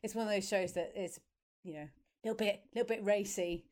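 A woman who is a musical comedian chats as a podcast guest. Her voice sits at a middle pitch, and she often stumbles and restarts her sentences before she gets going. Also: fairly even intonation, fairly quick, darkish tone. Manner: hesitant, stammering restarts. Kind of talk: casual chat.

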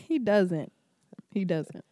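A woman's voice: medium pitch, big pitch swings, extremely slow, mellow, no echo, studio quality. A woman co-hosting a podcast, playful, teasing and profane in casual chat. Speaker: podcast co-host.

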